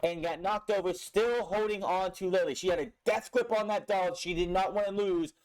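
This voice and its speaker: A young man talks through a wrestling episode in a loose, casual way, swearing freely and growing frustrated at storylines that drag on. His voice sits a little higher than most men's. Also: steady tone, moderate pace, darkish tone. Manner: blunt, frustrated, swears a lot. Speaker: wrestling show reviewer. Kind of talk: casual recap with profanity.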